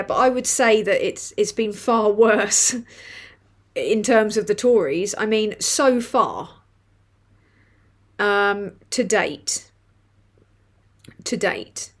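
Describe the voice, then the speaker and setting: A woman's voice: on the high side, animated, measured pace. A woman hosting a casual live stream, reading chat comments aloud with swearing and laughter. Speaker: livestream host reading chat.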